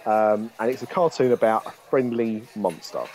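A man's voice: fairly low pitch, steady tone, moderate pace, a little mellow. A young man co-hosting a podcast, talking casually and rambling a little, with plenty of hesitant fillers. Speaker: podcast co-host. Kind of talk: casual chat.

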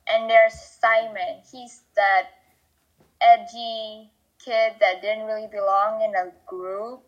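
A woman's voice: mid-range voice, flat delivery, takes it slowly, muffled recording. A teenage girl chatting casually on a video call, summarizing a book with lots of likes. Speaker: student presenting a book.

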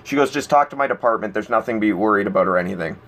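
A man's voice: on the low side, racing. A man hosting a casual podcast, telling stories with lots of acted-out quotes and laughter. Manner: animated storytelling, acts out quotes, laughs a lot. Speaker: podcast host.

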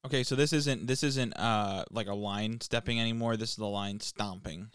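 A young man co-hosting a podcast, wisecracking in a halting, filler-filled way. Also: on the low side, a bit bright, clear, resonant tone, no echo, clean studio sound. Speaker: podcast co-host. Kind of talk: casual joking chat.

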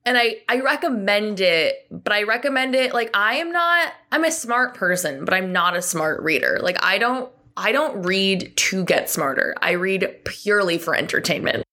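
A woman co-hosting a podcast in casual book chat, bubbly and quick when telling stories. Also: mid-range voice, lively intonation, bright, forceful tone. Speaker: podcast co-host.

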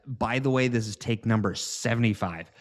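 A man's voice: medium pitch, moderate pace. Guy doing podcast ad reads, keeps cracking up and rambling. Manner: giggly, loose, rambling. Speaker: podcast host. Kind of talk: casual sponsor read.

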